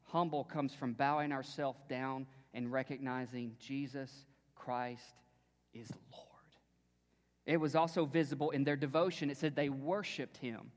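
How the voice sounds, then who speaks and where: A man preaching a sermon as pastor, moving from relaxed storytelling to emphatic preaching and dropping to a hushed near-whisper on key phrases. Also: mid-range voice, normal speed, hardly any pauses, big-room sound.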